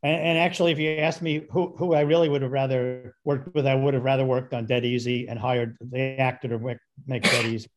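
An older man in a mid-range voice, speaking as a guest on an interview podcast. He rambles through a long anecdote, restarting sentences and playing each person in the story. His pitch sits squarely in the ordinary male range. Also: little pitch movement, fairly quick, hardly any pauses. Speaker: guest director.

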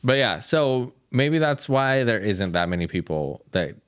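A man's voice: medium pitch, big pitch swings, a little slow, fairly bright tone, clean tone, no echo. A man co-hosting a podcast in casual chat, thinking aloud and rambling with lots of fillers. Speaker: podcast co-host.

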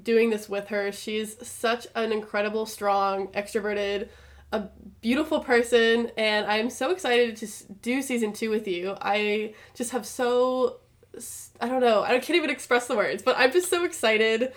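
A woman's voice: on the high side, moderate pace. A young woman co-hosting a podcast, chatting in a bubbly, gushing way with lots of fillers. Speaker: podcast co-host. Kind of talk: casual chat.

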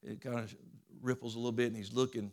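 A man's voice: medium pitch, flat delivery, quick pace, darkish tone. A man preacher giving an informal sermon in a church, telling a story in a conversational way, with frequent restarts.

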